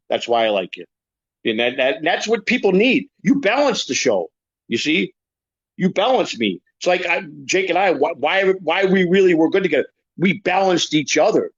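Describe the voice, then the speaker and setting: A man's voice: fairly high pitch, dry recording, dull audio. An older man from Chicago hosting a podcast, reading viewer comments aloud and answering them in a defensive, rambling way. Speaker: podcast host. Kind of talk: livestream chat reading comments.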